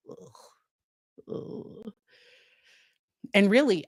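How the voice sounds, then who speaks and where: A woman's voice: low voice, clean tone, dry recording, clean studio sound. A woman psychologist giving casual live-stream commentary, talking to her chat with frequent restarts and fillers. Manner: conversational, many restarts and fillers; talks to chat viewers by name. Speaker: psychologist commenting on a court case.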